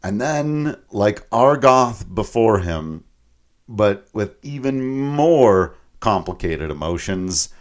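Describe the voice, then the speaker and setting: A man's voice: on the low side, very animated, slow. A man co-hosting a podcast, casually retelling a video game story with frequent laughs and mock voices. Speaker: podcast co-host.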